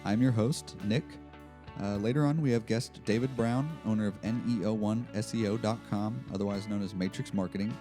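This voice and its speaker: A man's voice: fairly low pitch, fairly even intonation, a little fast, music in the background. A man hosting a business podcast, talking casually in a rambling, self-deprecating way with lots of fillers and restarts. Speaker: podcast host. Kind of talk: casual solo podcast monologue.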